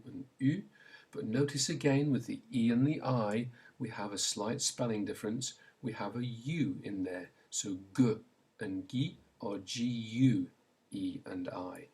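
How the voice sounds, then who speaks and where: This man's voice is fairly low and a little mellow, with a breathy edge. He's a language teacher giving a slow pronunciation lesson, patiently modelling sounds and prompting learners to repeat after him.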